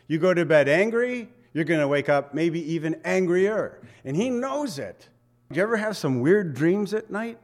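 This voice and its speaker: A pastor preaching a conversational sermon, swinging between loud emphatic bursts and quiet asides. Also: male voice, a little high.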